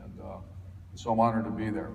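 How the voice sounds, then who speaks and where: A man's voice: on the low side, sing-song, fairly quick, creaky, far from the mic, slight background noise. A middle-aged man from Ohio, a football coach telling folksy stories to a clinic audience, with lots of fillers and restarts. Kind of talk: storytelling talk to an audience. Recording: echoey hall, faint ambience.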